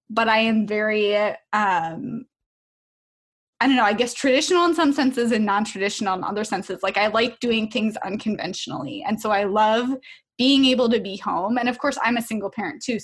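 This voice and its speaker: A woman host with a slightly breathy voice, chatting casually with her guest. She sounds enthusiastic and laughs often. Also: mid-range voice, fairly bright tone. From Minnesota. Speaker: podcast host. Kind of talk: casual interview chat.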